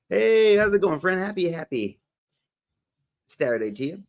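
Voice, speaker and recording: A man's voice: sits high, unhurried. A man hosting a motivational livestream, casually chatting, greeting viewers by name and laughing often. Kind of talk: casual live-stream chat greeting viewers.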